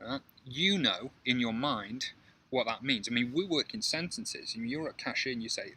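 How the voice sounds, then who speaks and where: A man gives a casual coding tutorial in a very bright, tense voice. He rambles with many fillers and reaches for everyday analogies. Faint noise sits under the recording. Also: mid-range voice, lively intonation, normal speed, rough recording. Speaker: programming instructor.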